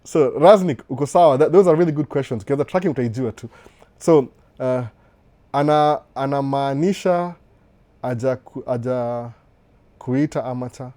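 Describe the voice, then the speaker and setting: A Kenyan man in a casual livestream Q&A, his voice sitting in an ordinary middle register. He talks in an animated, loose way, repeating himself and breaking into laughter. He speaks close to a desk microphone. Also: medium pitch, normal speed. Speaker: livestream host answering viewer questions. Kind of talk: casual live Q&A, mixing Swahili and English. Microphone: desk microphone with computer setup.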